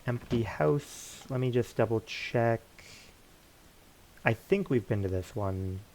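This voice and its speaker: A man's voice: mid-range voice, takes it slowly, darkish tone, slight background noise. A man streaming a game and joking around in casual commentary. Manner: playful, jokey asides.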